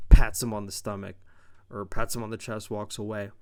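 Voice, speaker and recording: Dude recapping wrestling on his podcast, swears a lot, rambling and offhand, smooth clear voice, dry mouth. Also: lowish voice, little pitch movement, brisk. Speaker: podcast host. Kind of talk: casual wrestling show recap.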